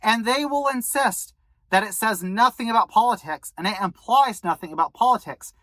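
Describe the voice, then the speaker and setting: A woman's voice: a little high, expressive, moderate pace, a bit bright, no room sound, poor audio. A woman vlogger delivering an angry, profane commentary rant to her viewers. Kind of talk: ranting commentary to camera.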